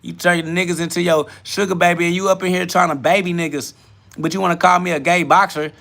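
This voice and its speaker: A man with a fairly high, sharp and forceful voice runs a live podcast from his garage. He answers the chat brashly and confrontationally, swearing freely as he goes. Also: level tone, quick pace, vocal fry. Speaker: livestream podcast host. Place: home garage.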